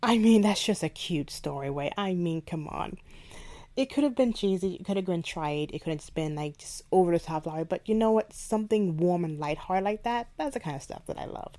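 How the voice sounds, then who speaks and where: A woman hosting a book podcast, retelling a favorite scene in an animated, chatty way. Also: fairly low pitch, brisk. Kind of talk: casual book review chat.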